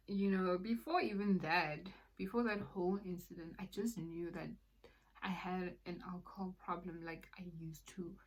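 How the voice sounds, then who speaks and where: A young woman with a slightly low-pitched voice shares her personal testimony. Her delivery is conversational and halting, scattered with fillers. At weighty points she drops toward a soft near-whisper. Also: poor audio. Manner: halting, conversational, many fillers like "like" and "you know". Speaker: person sharing a faith testimony.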